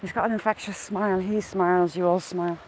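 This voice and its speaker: A woman's voice: fairly low pitch, fairly even intonation, a little fast, a little mellow, slight background noise, low-quality recording. A woman out of breath on an outdoor walk, chatting casually on a live stream and greeting viewers by name. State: a bit out of breath. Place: outdoors on a woodland walk by water.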